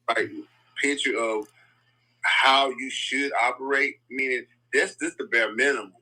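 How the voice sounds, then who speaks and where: A man's voice: medium pitch, sharp tone, poor audio. A man co-hosting a casual conversation, thinking aloud and repeating words while he searches for them. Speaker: podcast co-host.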